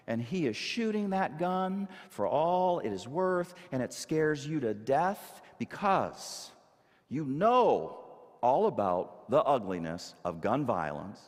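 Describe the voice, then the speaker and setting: A male minister preaching a sermon to a congregation, emphatic and animated, asking rhetorical questions. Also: mid-range voice, slow. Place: church sanctuary. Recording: long hall reverb.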